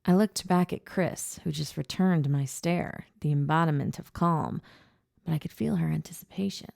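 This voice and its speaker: A woman reading first-person audiobook narration in a measured, low-key way. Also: vocal fry, a little mellow, no room sound, clean studio sound.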